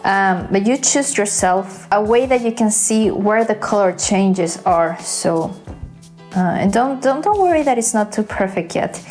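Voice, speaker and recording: A woman's voice: fairly high pitch, darkish tone. Playful woman teaching drawing. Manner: chatty, playful, self-mocking asides. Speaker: art tutorial host. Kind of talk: casual drawing tutorial.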